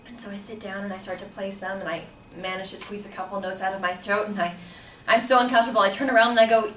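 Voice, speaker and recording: A woman telling a personal story to listeners in a conversational, animated way. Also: medium pitch, fast. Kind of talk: personal story told to an audience. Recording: roomy, distant mic with faint background noise.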